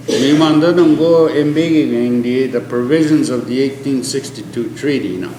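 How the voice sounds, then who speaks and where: An older man giving an oral history, earnest and emphatic, mixing an Indigenous language with English, often dropping to a low quiet tone. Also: a little hiss or hum. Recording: echoey room with faint ambience.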